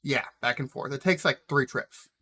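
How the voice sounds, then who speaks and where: A man's voice: mid-range voice, moderate pace, sharp tone. A man running a tabletop game as game master, narrating casually with frequent fillers.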